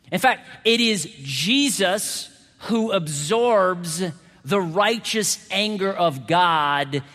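Male pastor preaching, high voice, goes from hushed to shouting, church echo. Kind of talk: sermon. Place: church sanctuary. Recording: hall reverb.

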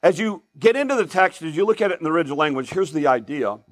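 High-voiced, chatty preacher. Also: male voice, animated, fast talker. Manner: conversational, rambling with asides. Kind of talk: sermon.

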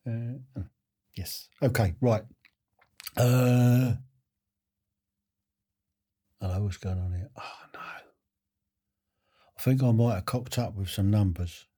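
A man's voice: on the low side, takes it slowly, long pauses, warm tone, breathy edge. A man hosting a live online quiz in a chatty, self-deprecating way, often chuckling.

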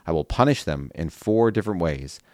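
A man reads scripture aloud in a deep, low voice. His delivery is earnest and steady, with occasional relaxed asides full of small fillers. The sound is dry and close, with no room around it. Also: a little fast, no echo. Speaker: Bible reading podcast host. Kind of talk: Bible reading with brief commentary.

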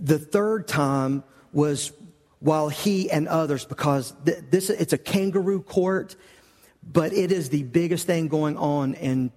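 A man's voice: fairly high pitch, a little mellow, big-room sound. A male pastor preaching a sermon, telling the story conversationally and acting out the quoted lines.

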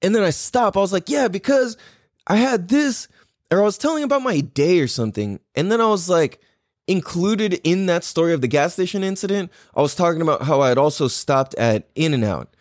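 A man's voice: fairly high pitch, fairly quick, no room sound, studio quality. A man hosting a podcast, telling a story in a casual, profane, slangy way, rambling with restarts. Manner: animated, voice jumps up when riled. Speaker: podcast host.

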